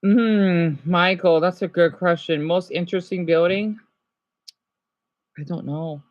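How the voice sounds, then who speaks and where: Excitable livestreamer woman, lo-fi sound. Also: on the low side, slow pace, no room sound. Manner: excitable, exclaims at surprises; reads out practice words while chatting to viewers. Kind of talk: casual livestream chat. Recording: dull lo-fi sound.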